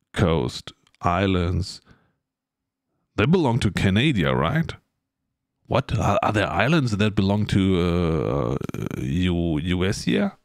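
A man live-streaming a game, chatting loosely and playfully with his viewers. His voice sits on the low side and swings widely in pitch. He takes his time over each thought, and the sound is close and dry. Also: no echo. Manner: rambling, chats with viewers, playful. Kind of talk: casual live-stream chat.

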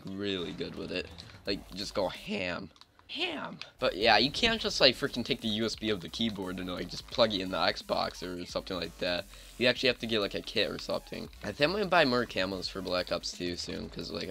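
Man, low gravelly voice, sharp bright tone, casual rambling game commentary, lots of "like". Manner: rambling, chatty, heavy use of filler "like". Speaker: gaming channel host.

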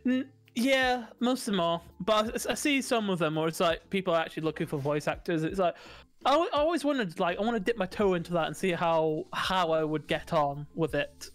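A man co-hosting a podcast in casual chat, animated and quick to swear and joke at himself. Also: high-pitched, faint music behind. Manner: animated, swearing, self-mocking. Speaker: podcast co-host. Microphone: studio mic.

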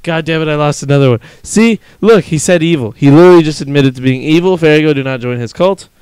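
Male podcast host, fairly high and smooth voice, dry close mic, swears and laughs a lot. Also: fast talker, a little mellow, dry recording. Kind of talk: casual chat.

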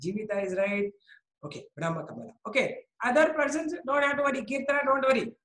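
Indian woman teaching biology to a class, pitched a bit high, keeps asking and praising students, echoey room. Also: lively intonation, fast talker, a bit bright. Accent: Indian English. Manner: coaxing, repeats questions, praises students by name.

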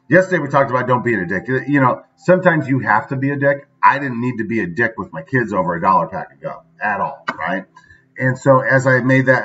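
A man's voice: mid-range voice, fairly bright tone. Chatty man, dull lo-fi recording. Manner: chatty, says "right?" often. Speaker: vlogger. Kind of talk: casual daily video monologue.

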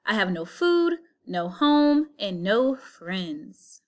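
A woman's voice: mid-range voice, sing-song, very slow. A woman reading aloud and voicing a poor, worried young man in a storybook.

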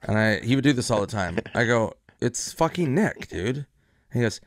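Male comic, mid-pitch, dry close sound, deadpan storyteller. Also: normal speed, no echo. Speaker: comedian. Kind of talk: anecdote told in casual chat.

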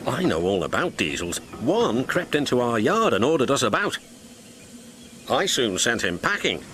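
A man's voice: medium pitch, big pitch swings, normal speed, fairly bright tone, slight background noise. A man voicing a vain, boastful male steam engine who talks in a haughty, showy way.

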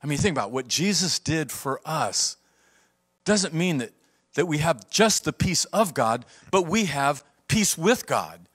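A man pastor preaching a sermon, swinging from loud emphasis to hushed, quiet delivery. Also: on the high side, big pitch swings, unhurried, husky.

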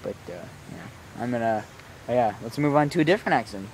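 A man's voice: mid-range voice, lively intonation, gravelly. Tired, rambling young man vlogging outdoors. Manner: rambling, self-mocking, talks in quick tangents. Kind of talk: rambling casual vlog. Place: outdoors, walking a dog in rainy weather.

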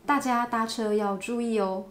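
A woman's voice: a little high, steady tone, normal speed, soft background music. A Taiwanese-accented woman, a native Mandarin speaker, giving a language lesson and repeating sample phrases with playful, exaggerated intonation. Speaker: language teacher. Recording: roomy echo.

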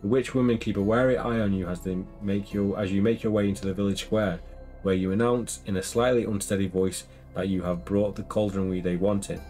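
A man's voice: lowish voice, fairly quick. A man reading a gamebook aloud and joking dryly with his co-player, with faint music behind. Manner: steady narration broken by dry jokes.

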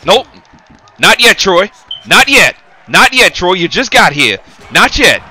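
A man's voice: high voice, big pitch swings, measured pace, sharp tone, breathy edge, full character voice. A man voicing a cocky heavyweight boxer, commentating a game in character with taunting, rhyming trash talk. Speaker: gaming commentator.

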